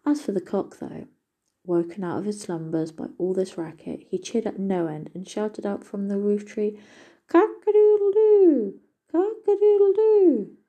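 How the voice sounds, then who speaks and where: A woman reading a fairy tale aloud as a storyteller, in a steady, gentle manner. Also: medium pitch, moderate pace, husky. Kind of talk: storybook narration.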